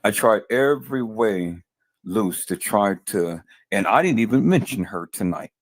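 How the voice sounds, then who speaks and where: Furious deep-voiced man ranting on a livestream. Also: animated, unhurried, dry recording. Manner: furious, repeats himself, addresses viewers as peoples. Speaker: livestream host. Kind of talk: angry livestream commentary.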